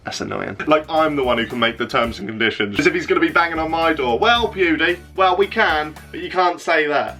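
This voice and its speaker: A man's voice: a little high, lively intonation, fairly quick, hardly any pauses, pushed and bright, soft background music. Sweary, sarcastic young man. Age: 20s. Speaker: YouTuber. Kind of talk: casual vlog rant.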